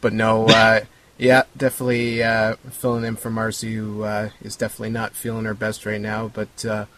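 A man's voice: lowish voice, completely flat delivery, moderate pace, fairly bright tone. A man from Canada, co-hosting a casual podcast in an easygoing way. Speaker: podcast co-host.

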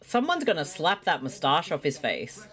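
A woman's voice: low voice, huge pitch swings, moderate pace, fairly bright tone. A woman co-hosting a casual podcast, firing off incredulous questions about the movie. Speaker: podcast co-host. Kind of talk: casual movie-riffing chat.

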